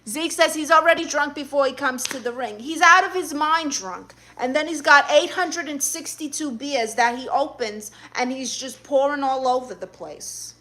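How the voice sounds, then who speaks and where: A woman's voice: high voice, normal speed, hardly any pauses, pushed and bright. A woman hosting a casual livestream, reading viewer comments aloud and answering them in a sassy way that keeps calling people honey. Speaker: livestream host.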